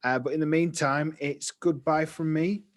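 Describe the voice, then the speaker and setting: A man's voice: a little high, steady tone, moderate pace. A man co-hosting a podcast in rambling, chatty, self-deprecating casual talk. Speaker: podcast co-host. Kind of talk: casual chat.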